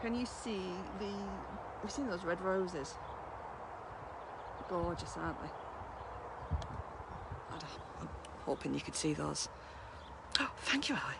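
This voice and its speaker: A woman's voice: fairly low pitch, animated, measured pace, gravelly, long pauses, very noisy. A woman hosting a mindfulness session, chatting casually after a guided meditation and laughing often at herself.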